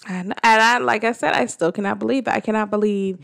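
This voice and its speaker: Woman, gravelly fry, casual storyteller who acts out the quotes. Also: fast talker. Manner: animated storytelling, acting out quotes with pitch jumps. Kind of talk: casual chat.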